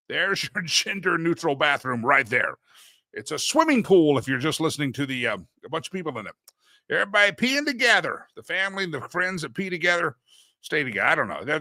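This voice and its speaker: A man hosts a talk show in a casual, joking way with a sarcastic streak. His voice is bright and sits a little high. The sound is dry and close to the mic. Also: no echo. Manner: playful and sarcastic.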